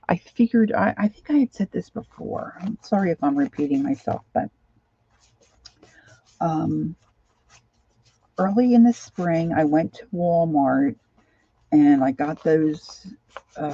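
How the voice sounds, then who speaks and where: A middle-aged woman with a low, gravelly and husky voice chats away while she works on a craft project at home. She rambles and talks to herself as much as to her viewers. The recording sounds a little dull and muffled. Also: warm tone, no room sound. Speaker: craft vlogger. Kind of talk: casual chatter while crafting.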